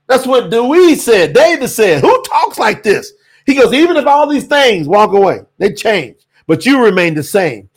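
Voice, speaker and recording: A man teaching scripture on a livestream, preacherly and animated, bursting into shouts. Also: high voice, normal speed, slightly rough. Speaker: Bible teacher and livestream host.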